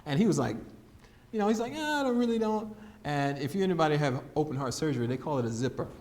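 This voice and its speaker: As a guest speaker, a man shares his testimony as an animated story, acting out the voices of the people in it and laughing often. His voice is a little high and he talks fast.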